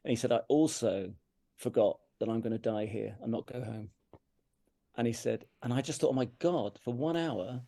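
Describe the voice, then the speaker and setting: Earnest English man, gravelly and dry. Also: mid-range voice, moderate pace, mellow, no echo. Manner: earnest, emphatic, repeats himself, self-critical. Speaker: interview guest, brass teacher. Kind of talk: candid conversational storytelling. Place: farmhouse room.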